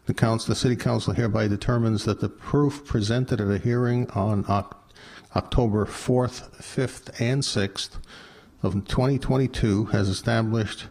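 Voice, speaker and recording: A man's voice: on the low side, fairly even intonation, unhurried, darkish tone. A man serving as council vice president, chairing the meeting and reading motions in a formal, procedural way. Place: council chamber.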